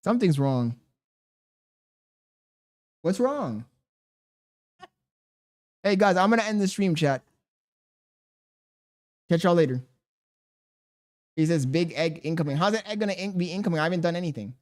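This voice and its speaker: A man's voice: high-pitched, a little fast, long pauses. A man streaming live, reading out chat messages and grumbling back at them. He rambles, swears freely and mutters to himself between lines. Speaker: livestreamer. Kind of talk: casual livestream chat, reading chat messages aloud.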